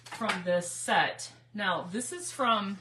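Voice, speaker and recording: A woman's voice: medium pitch, expressive, takes it slowly, pushed and bright. Woman, middle-aged, from Michigan, craft livestream host, chatty, greets viewers, faint background hiss. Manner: chatty, laughs often, greets viewers by name. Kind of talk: casual livestream crafting chat.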